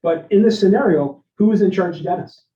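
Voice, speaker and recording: A man giving a leadership workshop, energetic and interactive, often asking his listeners questions and tagging lines with "right?". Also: high voice, brisk. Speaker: leadership speaker. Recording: roomy, dull lo-fi sound.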